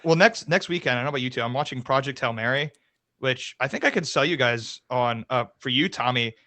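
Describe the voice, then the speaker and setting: A man in his twenties co-hosting a film podcast in casual, profane, animated chat over a remote call. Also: mid-range voice, a little fast, no echo. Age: 20s. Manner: animated, profane, laughs often. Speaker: podcast co-host.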